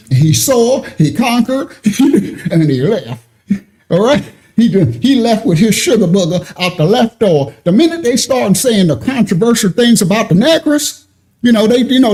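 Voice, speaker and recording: Animated high-voiced man hosting a livestream. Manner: animated, chuckling, colloquial. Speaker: livestream host. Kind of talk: casual livestream commentary.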